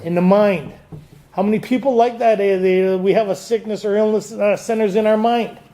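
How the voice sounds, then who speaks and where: A man's voice: sits high, fairly even intonation, normal speed, dark tone. A man leading a recovery group through a book study, quizzing the audience, joking and laughing as he goes. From Canada. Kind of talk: lively talk to a recovery group. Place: meeting room with audience.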